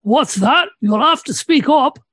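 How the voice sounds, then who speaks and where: A man's voice: very high-pitched, expressive, measured pace, no room sound, studio quality, pitched above the performer's own voice, exaggerated voice. A man putting on the voice of a jolly old deaf man who keeps asking people to speak up. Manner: shouty, asks people to speak up.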